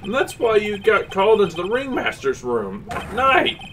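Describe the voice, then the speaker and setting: A man's voice: high-pitched, huge pitch swings, normal speed, fairly bright tone, slight background noise, exaggerated voice. A man voicing an earnest young male defense lawyer in game dialogue, pressing with pointed questions. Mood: accusing.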